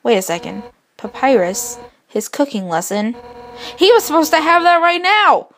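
A woman voicing a brash, hot-headed female fish warrior captain from a video game, blunt and boastful with gruff outbursts. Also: mid-range voice, a little slow, slight background noise, close to an everyday voice. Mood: fired up. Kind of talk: reading game dialogue aloud.

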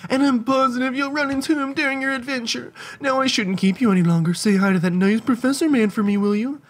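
A man voicing a doting, emotional old aunt in a video game, using a high, quavering old-lady voice. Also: fast. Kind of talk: voicing game dialogue aloud.

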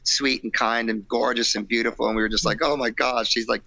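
A man with a low, gravelly voice and a bright, forceful edge tells stories from his band's early days in a loose, animated way. He slips into the voices of people he quotes and laughs often. The sound is dry and close. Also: brisk, no echo. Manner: animated storyteller acting out quotes, laughing, swearing. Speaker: rock singer, guest. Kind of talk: storytelling in a casual interview.

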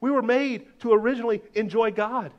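A male pastor giving a lively, joking sermon, swinging between loud declarations and hushed asides. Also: extremely high pitch, brisk, muffled recording. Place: church sanctuary.

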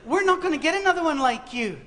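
His pitch is extremely high, his tone fairly bright, and he talks fast and animatedly. He's a preacher with a West Virginian accent, joking through a sermon for students with stories capped by dry, wry punchlines.

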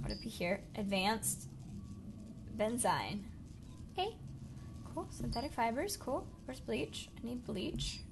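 A young woman hosting a casual let's play, excitable and talking to game creatures as she plays. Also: mid-range voice, slight background noise. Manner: excitable, talks to game creatures, jumps from whispers to yelps. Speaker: gaming channel host.

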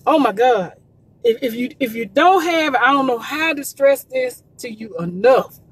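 A woman's voice: sits high, lively intonation, moderate pace, slightly rough. A woman promoting gospel music in a casual livestream, urging listeners with emphatic, repetitive preachy calls.

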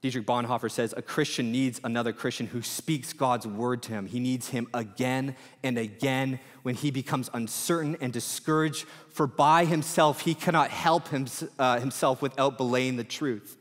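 A man in his thirties preaching a sermon in a relaxed, chatty way with lots of fillers. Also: medium pitch, moderate pace, few pauses. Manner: casual, animated preaching with many fillers. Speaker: pastor. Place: church auditorium. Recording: reverberant church hall.

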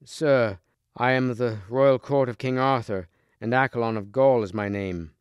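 A man voicing a fierce, proud knight who taunts his foe in a loud, raised voice, in a storybook reading. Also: medium pitch, moderate pace, clear, resonant tone, no echo, clean studio sound, close to an everyday voice. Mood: proud, grim.

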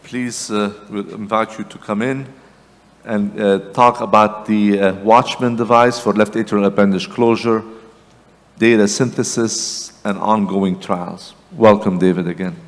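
A man moderating a conference session, introducing the next speaker in a halting, polite way. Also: on the low side, steady tone. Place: large conference hall. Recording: long hall reverb from PA.

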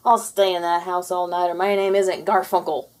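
A woman's voice: lowish voice, flat delivery, normal speed, darkish tone, close to an everyday voice. A woman voicing a lazy, greedy male cat who scares easily, in a storybook read-aloud, sounding jittery and defensive. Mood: nervous.

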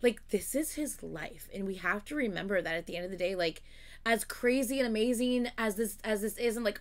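A woman hosting a reaction video, gushing, exclaiming and swearing as she watches, excited and close to tears. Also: fairly high pitch, fairly quick. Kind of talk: casual reaction commentary.

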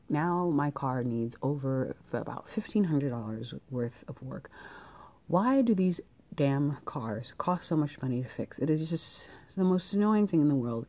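Woman, young adult, vlogger, casual chat, annoyed rant, very deep voice, warm tone. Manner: annoyed, ranting, with many fillers.

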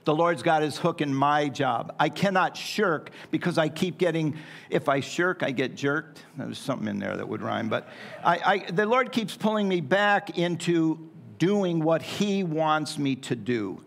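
A man's voice: on the high side, animated, a little slow, vocal fry, fairly bright tone. A middle-aged man preaching a sermon in a church in a folksy, joking way with playful asides. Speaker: pastor. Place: church sanctuary.

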